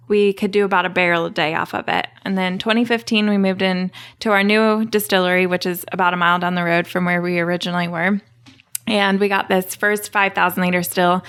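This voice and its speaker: A woman guest on a podcast, explaining how her distillery works in a relaxed, chatty way and laughing easily. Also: medium pitch, clear, resonant tone. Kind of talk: casual podcast interview.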